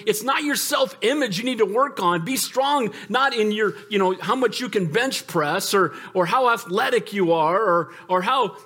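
A man with a high-pitched voice preaches to his congregation, emphatic and conversational. He jokes with the listeners and keeps calling out for amens. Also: pushed and bright. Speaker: pastor. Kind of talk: sermon.

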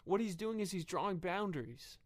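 A man preaching a sermon earnestly, often pausing with fillers and restarting his phrases. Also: sits high, expressive.

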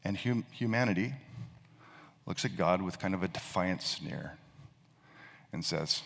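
A man's voice: low voice, a little slow, vocal fry, pauses often, fairly bright tone. A male pastor preaching a sermon, telling a story and often repeating words as he thinks. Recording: long reverb of a large hall.

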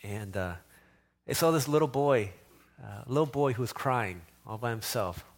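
A middle-aged man preaching a sermon as pastor, moving between animated, louder exhortation and quiet, softer storytelling. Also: medium pitch, moderate pace.

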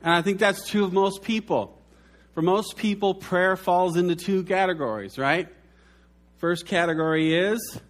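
Storytelling male preacher, higher voice. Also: moderate pace. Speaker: pastor. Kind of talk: sermon.

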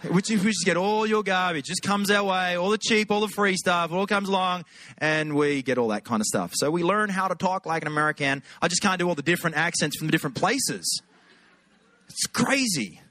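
Australian man, preacher, high bright voice, dry close sound, joking and conversational. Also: animated, brisk, dry recording. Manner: humorous, conversational, chatty asides. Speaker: guest preacher. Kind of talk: sermon.

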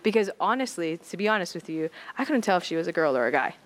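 A woman from Maui, Hawaii, co-hosting a faith podcast, telling a story in a lively, animated way and acting out what people said. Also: fairly low pitch, fast talker. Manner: lively, animated, often laughing, acts out quotes. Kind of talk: casual storytelling.

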